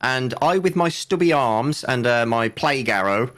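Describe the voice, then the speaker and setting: Guy playing d&d, kinda halting and unsure, mid voice. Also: medium pitch, animated, a bit bright. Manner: hesitant, halting, with fillers and restarts. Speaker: player. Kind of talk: casual tabletop game play.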